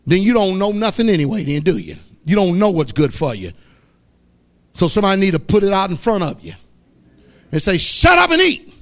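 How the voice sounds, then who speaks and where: Pastor guy preaching hard, high voice that jumps all over, slow shouted scripture. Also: big pitch swings. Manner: fiery preaching, shouts scripture slowly, asks the congregation questions. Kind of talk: sermon.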